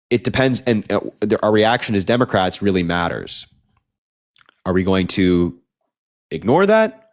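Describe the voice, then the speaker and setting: A young man hosting a late-night political livestream, ranting earnestly, repeating himself, and reading out chat donations while sounding tired. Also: fairly low pitch. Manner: earnest, repetitive, fast rants with filler "like".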